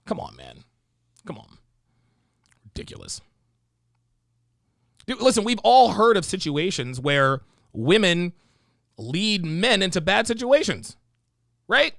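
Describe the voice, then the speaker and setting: A male livestream host giving profane, animated commentary on videos, reading out viewer donations and telling stories. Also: sits high, slow pace, creaky, pauses often, no room sound, clean studio sound.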